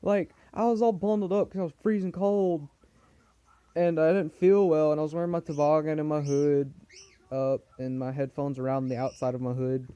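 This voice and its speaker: A man's voice: fairly high pitch, fairly even intonation, normal speed, warm tone, clean tone, dry recording, muffled recording. A teenage boy with a cold and a cough, chatting and complaining in a rambling casual vlog, a pet cockatiel somewhere behind him. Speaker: vlogger.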